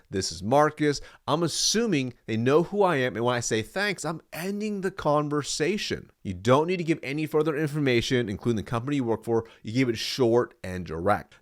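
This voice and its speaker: Confident, direct male sales trainer. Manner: confident and direct, drops to a low firm tone for example lines. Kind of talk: scripted teaching monologue.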